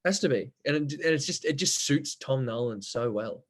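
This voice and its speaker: A man's voice: medium pitch, animated, moderate pace. Young man telling rambling stories. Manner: rambling, swears freely, laughs while telling stories. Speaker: podcast guest. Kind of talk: casual storytelling chat.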